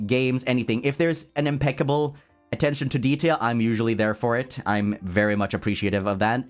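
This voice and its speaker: A streamer with a mid-range voice chats casually on a livestream. Playful and animated, he reads out his chat and answers, laughing frequently and tripping over words in his excitement.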